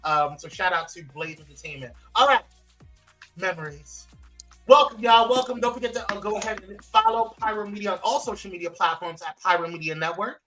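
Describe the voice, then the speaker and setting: A man hosting a casual live-stream morning show, animated and playful, his voice swooping high when he teases. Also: a little fast, soft background music, poor audio. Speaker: host.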